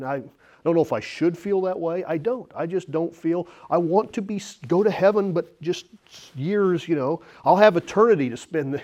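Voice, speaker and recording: Guy pastor giving a sermon, chatty, reads scripture then gets worked up and laughs at himself. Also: high voice. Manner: conversational preaching with self-deprecating asides and laughs; reads scripture aloud, rising animated at personal points.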